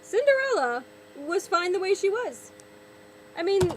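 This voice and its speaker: A woman's voice: very high voice, very animated, moderate pace, a little hiss or hum, poor audio. A young woman vlogger ranting sarcastically, exasperated, often repeating and restarting her words. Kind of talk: ranting vlog commentary.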